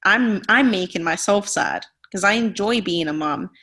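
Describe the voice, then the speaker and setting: A woman's voice: medium pitch, moderate pace, sharp tone. A woman in her thirties, a podcast guest, sharing a personal story in an earnest, confessional way, full of "like" fillers. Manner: earnest, heavy use of "like" fillers; openly emotional, confessional.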